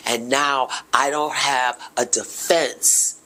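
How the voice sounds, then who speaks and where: A middle-aged woman, telling her own story on a podcast in an emotional, impassioned way, dropping to a hush and then rising loud. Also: low-pitched, slow. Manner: emotional, impassioned, swings between hushed and loud. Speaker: podcast host. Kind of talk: personal testimony.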